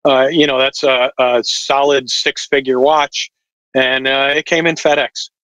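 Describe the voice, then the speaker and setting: A man's voice: medium pitch, flat delivery, measured pace, fairly bright tone, dry recording, poor audio. A man talking as a podcast guest over a video call, explaining at length with lots of fillers. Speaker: watch distributor guest. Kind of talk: casual podcast chat.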